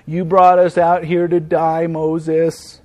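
A griping, frightened Israelite, as a preacher acts him out, complaining bitterly to his leader. The voice sits slightly high for a man and falls into a sour, low mutter. It sounds like a sermon aside acted on the spot. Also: completely flat delivery, slow pace, warm tone. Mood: grumbling.

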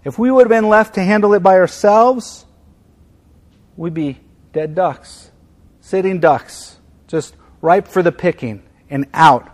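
A man preaching a sermon as pastor. He speaks with emphasis, repeats key phrases, and swings from loud stress to quiet, soft passages. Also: high-pitched, a little slow.

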